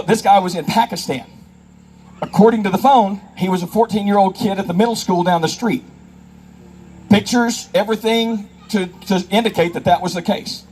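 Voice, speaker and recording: In this low-quality recording with slight background noise, a middle-aged federal investigator addresses a live audience about child safety. His voice is high and a little mellow as he tells emphatic anecdotes and acts out the people involved.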